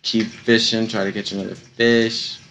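A young man giving casual, slangy commentary while playing a video game, slightly hoarse from losing his voice. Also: lowish voice, flat delivery, moderate pace, fairly bright tone. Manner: laid-back, slangy, chatty. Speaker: gaming YouTuber.

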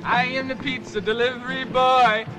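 A man's voice: very high voice, level tone, normal speed. An actor playing a rowdy young male party leader chanting bawdy call-and-response verses. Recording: party chant over loud music and crowd.

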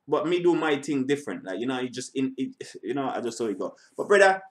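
A man's voice: medium pitch, fast talker. A man hosting a reaction channel, speaking in casual, rambling commentary. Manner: animated shout-outs, rambling asides.

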